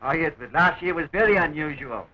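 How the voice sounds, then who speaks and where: A man's voice: a little high, lively intonation, brisk, bright, forceful tone. An actor playing a sociable man making cheerful small talk, with a dull 1920s film sound.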